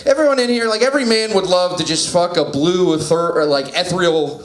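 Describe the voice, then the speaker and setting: Stand-up comic, man, slightly high voice, halting and self-deprecating, laughs at own lines, roomy room. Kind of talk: stand-up comedy set. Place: small comedy venue indoors. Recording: roomy small-room sound.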